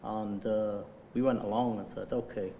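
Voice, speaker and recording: A man's voice: fairly low pitch, fairly even intonation, normal speed, dark tone, slight background noise. A man interviewing an author at a festival, asking questions hesitantly with many "uh"s and "um"s. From England. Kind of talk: conversational interview. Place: festival hall. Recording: hall reverb.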